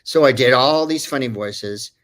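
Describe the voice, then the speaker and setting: A man's voice: medium pitch, moderate pace, fairly bright tone. A man who is a voice actor telling a story in a casual way, rambling and digressing with many fillers. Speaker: voice actor guest.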